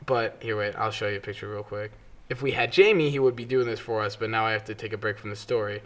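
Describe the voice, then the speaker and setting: A man's voice: lowish voice, fast talker. A young man co-hosting a casual podcast, telling stories with lots of energy, swearing freely and mimicking other people's voices. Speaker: podcast co-host. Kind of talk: casual chat.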